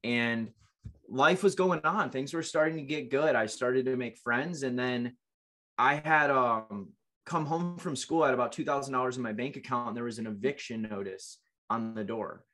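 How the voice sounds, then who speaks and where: A man in his late twenties tells his own story to an interviewer. He speaks earnestly and with feeling, often repeating a word as he restarts. His voice sits at an ordinary middle pitch. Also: normal speed, fairly bright tone. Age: late 20s. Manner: earnest, emotional, with frequent restarts. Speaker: guest.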